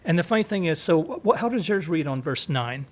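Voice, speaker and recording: A man's voice: fairly high pitch, animated, a little fast. A man co-hosting a casual Bible study, reading verses aloud and explaining Hebrew words with chatty asides. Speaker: co-host teaching scripture.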